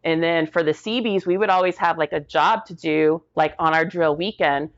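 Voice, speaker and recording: A middle-aged woman veteran telling stories casually in an interview, animated and slangy, acting out the voices of the people she quotes. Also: low-pitched, moderate pace, dull audio. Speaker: military veteran guest.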